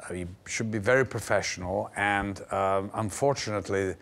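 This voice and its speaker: An older man tells his stories with relish as a TV guest. He is an animated raconteur who lets his pitch rise and fall as he acts out the people in his anecdotes. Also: moderate pace. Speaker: actor guest. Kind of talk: anecdotal interview storytelling. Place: television studio.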